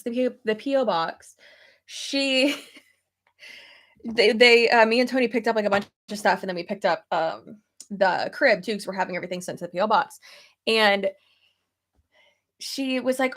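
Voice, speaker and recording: A young woman chatting casually on a livestream, telling stories with lots of laughs and swearing, and pregnant. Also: fairly high pitch. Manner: chatty, profane and laughing, with animated storytelling. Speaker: streamer.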